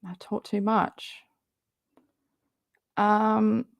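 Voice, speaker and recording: A woman's voice: medium pitch, little pitch movement, very slow, vocal fry, dry recording, clean studio sound. A woman hosting a casual reaction livestream, chatty and sarcastic, rambling and laughing often. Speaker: livestream host.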